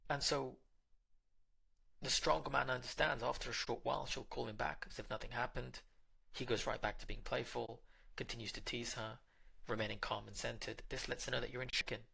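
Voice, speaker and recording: A man's voice: mid-range voice, steady tone, fairly quick, creaky, bright, forceful tone, husky. A man hosting a dating advice channel, talking straight to the listener in a direct, coaching monologue and now and then acting out little scenes.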